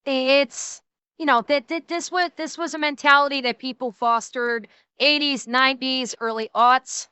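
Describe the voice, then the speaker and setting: A woman's voice: high voice, fairly even intonation, unhurried, sharp tone, smooth, no room sound. A woman co-hosting a reaction stream in casual chat, blunt and profane, often restarting her sentences.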